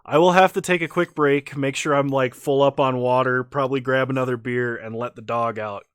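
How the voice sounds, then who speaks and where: A man's voice: mid-range voice, fairly quick, clean tone, no echo, clean studio sound. A man streaming a card game with casual commentary, laughing often and a little tipsy after a few beers. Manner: laughs often, relaxed and chatty.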